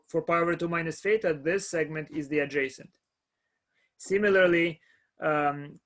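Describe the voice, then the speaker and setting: Halting man lecturing math. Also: on the high side, a bit bright. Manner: halting, repeats words, checks in with students. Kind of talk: live classroom lecture.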